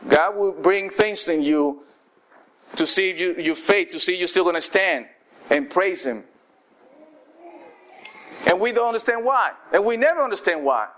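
Man, preacher, high voice, animated, acts out quoted voices. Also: moderate pace, pauses often. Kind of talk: sermon.

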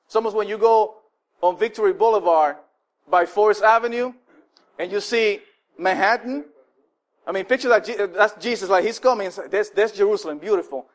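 High-voiced animated male preacher. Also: normal speed. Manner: conversational preaching with frequent fillers and restarts; animated, acts out the people he quotes. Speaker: pastor. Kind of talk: sermon.

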